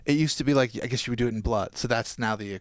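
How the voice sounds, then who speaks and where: Male guest with a mid voice, lively anecdote teller, dry studio sound. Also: mid-range voice, no room sound. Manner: animated anecdote, quoting people in quick voices. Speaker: podcast guest. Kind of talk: storytelling in casual chat.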